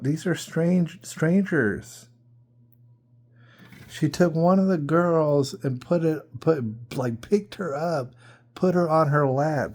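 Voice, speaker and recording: Podcast host, male, fairly high but warm and dark-toned; casual storyteller, disbelieving, keeps repeating himself. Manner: incredulous, full of rhetorical questions and repeats.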